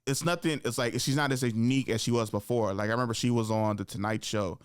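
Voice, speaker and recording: A man hosting a casual podcast, talking in an animated, laughing way and working himself up into passionate rants. His voice sits at an ordinary middle pitch, and it's recorded dry and close, with no room sound. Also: quick pace, smooth, dry recording. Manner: conversational storyteller. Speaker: podcast host.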